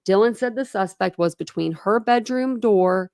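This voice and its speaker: Chatty woman with a gravelly voice. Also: mid-range voice, normal speed, darkish tone, no echo, clean studio sound. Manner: chatty, many "like" fillers, thinks aloud. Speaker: true crime channel host. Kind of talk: reading documents aloud with casual commentary.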